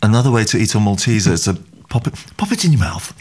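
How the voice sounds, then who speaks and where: Male podcast co-host, casual chat, playful and giggly, low pitch with lively swings. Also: fast talker, husky. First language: not English.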